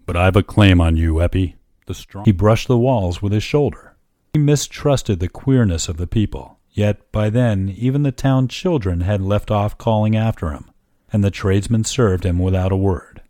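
Guy narrating an audiobook, mellow and dry sound, steady measured reading. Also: on the low side, no echo.

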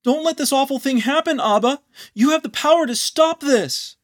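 A man voicing a distraught young male angel who begs in a high, loud voice. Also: normal speed. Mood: pleading. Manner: high, loud, desperate pleading.

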